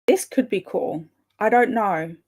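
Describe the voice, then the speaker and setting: A woman chatting casually with live viewers, reading out their comments, chatty and excitable, with a gravelly voice. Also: medium pitch, a little slow. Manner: chatty and excitable, breaks into laughs and sudden whispers. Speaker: streamer reading live chat.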